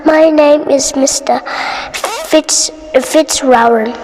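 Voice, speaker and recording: A woman's voice: sits high, fairly even intonation, slow pace, a little mellow, big-room sound. A woman voicing a kind, welcoming wealthy merchant in a storybook reading.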